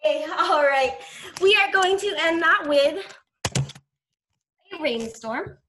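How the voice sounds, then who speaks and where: Woman, preschool teacher, high voice, slow and sing-song, echoey room. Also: expressive, a little hiss or hum. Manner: cheerful, sing-song, drops to a whisper for quiet parts. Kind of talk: online circle time for young children.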